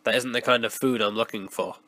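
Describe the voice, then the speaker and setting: A hoarse man with a cold voicing a dirty, one-eyed male monster who lurks in a closet, speaking in a raspy, flat whisper. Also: medium pitch, brisk, dry recording, lightly acted, rough recording. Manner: blunt, flat, menacing.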